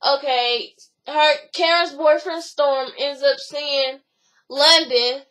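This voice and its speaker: A woman's voice: high-pitched, fairly even intonation, fairly bright tone, poor audio. A woman casually retelling drama between friends, rambling and swearing freely with lots of fillers. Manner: rambling, profane, fast storytelling with many fillers. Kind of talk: casual gossip recap.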